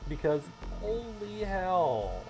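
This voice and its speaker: A man giving live gameplay commentary as a streamer, chatting with viewers at a desk mic and breaking into loud, excited yelling. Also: sits high, slow, gravelly, music in the background. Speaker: game streamer.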